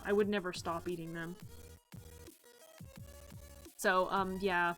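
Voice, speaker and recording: Slow, giggly woman streamer. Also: mid-range voice, fairly bright tone, poor audio. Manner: playful and giggly, drawn-out gushing. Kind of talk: casual live-stream chat.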